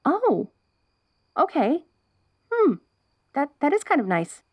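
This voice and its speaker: A woman's voice: sits high, huge pitch swings, slow pace, darkish tone, dry recording, heavily acted. A young woman voicing a perky, curious wolf girl in an ASMR role-play, bubbly and giggly with restless chatter.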